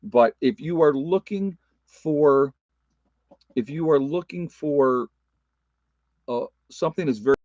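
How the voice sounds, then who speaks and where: A man's voice: fairly high pitch, slow pace, pauses often, a little mellow, no echo, muffled recording. A man talking casually to his viewers in a folksy, emphatic way, often repeating himself and using fillers. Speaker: prepper vlogger. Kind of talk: casual chat to viewers, reading live comments. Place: rural off-grid homestead.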